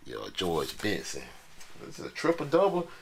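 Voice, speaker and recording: A low-pitched, creaky-voiced man swings wildly in pitch at a moderate pace while showing viewers his records. His talk is slangy, loose, and full of jokes aimed straight at the audience, with crowd noise behind him.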